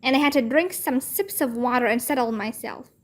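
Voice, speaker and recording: A woman narrating a children's chapter book aloud in a clear storytelling manner. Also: on the high side, fairly quick.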